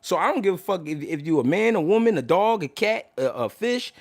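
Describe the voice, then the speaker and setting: Loud, animated man talking casually. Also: sits high, a little fast, vocal fry. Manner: loud, animated, laughs often, swears freely. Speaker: boxing commentator and show host. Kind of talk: casual livestream talk.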